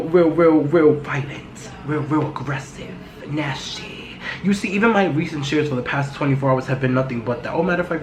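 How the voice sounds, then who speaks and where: Woman, podcast host, loud, profane, gossipy, casual chat, echoey room, faint background noise. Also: deep voice.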